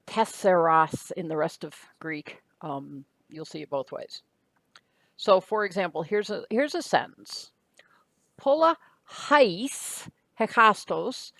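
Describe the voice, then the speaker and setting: A woman's voice: fairly low pitch, dry recording. A woman teaching in a recorded lecture, patient and methodical, talking through each step. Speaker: Greek teacher.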